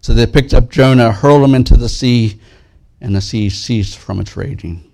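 Guy pastor preaching, lowish voice with some fry, earnest, gets louder reading the bible. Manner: earnest, rises and grows louder when reading scripture; drops soft and slow in prayer. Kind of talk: sermon with scripture reading.

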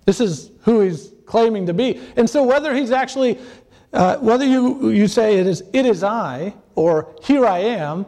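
Male preacher, high pitch, hesitant delivery, recorded in a reverberant hall. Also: darkish tone. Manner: halting, many fillers and restarts; acts out quoted voices. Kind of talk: sermon.

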